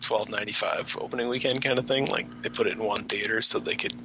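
Man, podcast co-host, bright tone, wry, incredulous, casual review chat. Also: on the low side, steady tone, fast, a little hiss or hum, rough recording. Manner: wry and incredulous, with frequent laughs.

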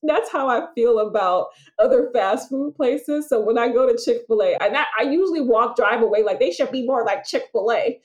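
A woman, hosting a casual solo podcast as a business coach, chatty and lively, laughing often as she talks. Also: fairly high pitch, moderate pace, hardly any pauses, muffled recording.

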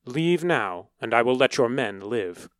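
A man voicing a calm, commanding shaman who speaks quietly and gravely. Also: medium pitch, measured pace, no room sound, studio quality.

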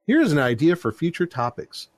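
A man's voice: a little high, sing-song, moderate pace, dry recording, faint music behind. A middle-aged man hosting a casual podcast, reading listener reviews aloud with jokes, close to a dry mic. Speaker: podcast host.

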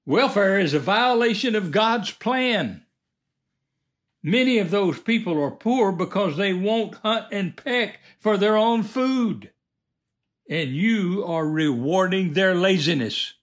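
A man's voice: high-pitched, animated, slow pace. A man giving a preachy moral monologue in an emphatic, lecturing manner.

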